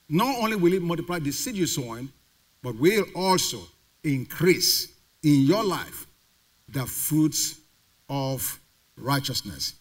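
A man's voice: on the high side, fairly bright tone. A male pastor preaching a sermon to a congregation, putting questions to the crowd and having them call the answers back. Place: church sanctuary.

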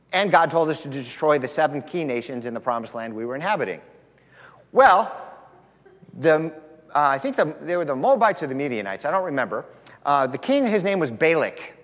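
A male pastor who retells a scripture story in an animated, joking manner during a sermon. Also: on the high side, big-room sound.

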